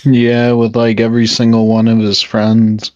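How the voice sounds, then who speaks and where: A man's voice: mid-range voice, monotone, moderate pace, darkish tone, no room sound, highs cut off. A man chiming in on a casual chat among friends with blunt, laid-back remarks. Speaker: friend on stream.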